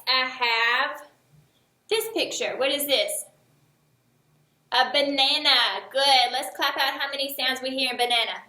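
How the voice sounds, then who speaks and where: A woman leads a lesson for small children at an unhurried, deliberate pace, with every word crisply enunciated. Her voice is bright and fairly high, and her tone stays encouraging throughout. The sound carries a noticeable echo from the room. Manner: slow, encouraging, clearly enunciated. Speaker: teacher. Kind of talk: early-years remote lesson.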